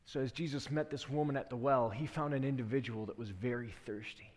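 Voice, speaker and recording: A man's voice: medium pitch, steady tone, brisk, a little mellow, long reverb tail. A male preacher delivering an earnest sermon that tells a story and asks rhetorical questions, in a church.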